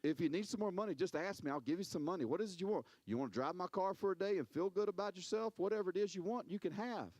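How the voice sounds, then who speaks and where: A man's voice: fast talker, hardly any pauses, a little mellow, no room sound. A man voicing a carefree, generous person who is unbothered by others, with a breezy, offhand manner. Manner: breezy, offhand, higher-pitched.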